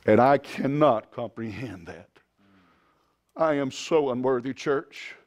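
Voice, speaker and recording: A man preaching a sermon as pastor, swinging from quiet, drawn-out lines to loud shouted climaxes. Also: mid-range voice, lively intonation. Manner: impassioned preaching, rising to shouts.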